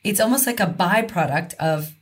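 Woman, confidence coach, podcast guest, lowish voice, frank, emphatic, casual swearing. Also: animated, normal speed, breathy edge.

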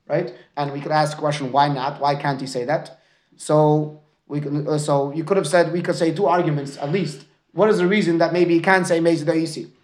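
A man leads a Talmud class at a brisk clip, his voice sitting a little high. He mixes Aramaic and Hebrew terms into his English and keeps asking his students "right?". The echo of the room carries around him. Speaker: Talmud teacher. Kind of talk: lecture with student questions.

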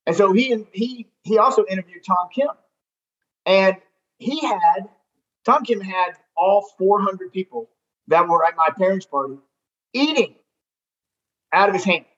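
High-voiced man, rambling storyteller. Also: measured pace, long pauses. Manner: animated, rambling, with many restarts. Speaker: golf tournament director. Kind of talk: casual storytelling interview. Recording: dull lo-fi sound.

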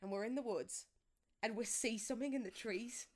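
Geordie woman, young adult, podcast co-host, casual chat, animated storytelling, fairly high voice. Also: brisk. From northeast England. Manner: animated storyteller, acts out voices, laughs often.

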